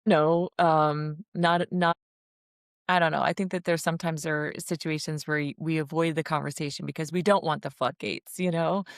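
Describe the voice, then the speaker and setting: A woman host with a notably low voice chats on a podcast, musing aloud and circling back on her words. The sound is close and dry. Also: fairly even intonation, normal speed, dry recording. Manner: conversational, hesitant, with fillers and restarts. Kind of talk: casual podcast conversation.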